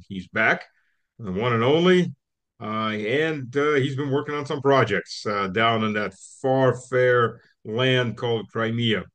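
A man's voice: mid-range voice, a bit bright. A man hosting the show, introducing his guest casually and hesitantly with frequent fillers. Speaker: host.

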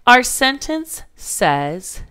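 A woman's voice: a little high, sing-song, extremely slow, sharp tone, clear, resonant tone. A woman teaching a phonics lesson to young children, patiently sounding out letters and words.

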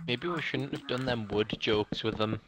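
A man's voice: medium pitch, normal speed. A man chatting casually with friends over a game, teasing them with crude jokes. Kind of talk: casual gaming chat with friends.

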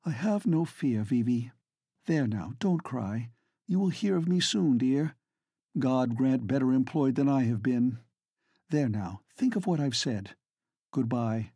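Voiced by a man, a determined Edwardian lady of rank speaks with quiet, earnest conviction. Her voice sits well above a man's usual pitch, a touch husky, in a dry close audiobook recording. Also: expressive, unhurried, no room sound. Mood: gentle. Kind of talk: audiobook character reading.

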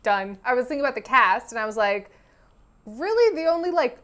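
A high-voiced woman co-hosting a review podcast in a casual chat. She talks with excitable energy and often bursts out loudly when something delights her. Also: brisk. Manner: excitable, swings to loud outbursts. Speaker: podcast co-host.

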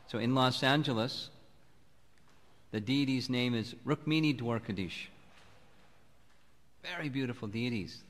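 Man giving a sermon, calm and measured, mid pitch, long echo off a big temple hall. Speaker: spiritual teacher giving a lecture.

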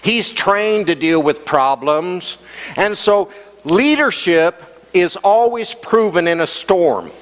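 Male pastor, animated sermon delivery, slightly high voice, big hall echo. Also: slow. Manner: animated preaching, acts out quoted voices. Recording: long hall reverb.

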